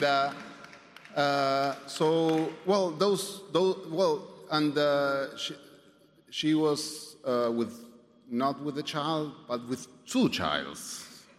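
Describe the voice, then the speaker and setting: A man sharing his personal story at a recovery meeting, halting, with many fillers, restarts and swearing, and some wry humor. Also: medium pitch. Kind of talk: personal testimony. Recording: reverberant hall, faint background noise.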